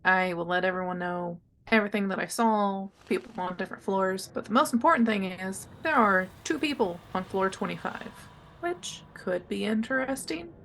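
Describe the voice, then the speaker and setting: Woman player, gravelly voice, chatty, playful, tabletop game. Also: medium pitch, normal speed, a bit bright.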